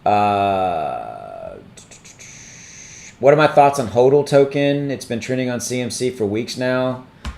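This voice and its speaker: A man hosting a casual crypto livestream, rambling and thinking aloud while he looks things up, his voice starting to go hoarse. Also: mid-range voice, very animated, slow, long pauses, a little mellow, slight background noise. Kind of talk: casual live-stream chat.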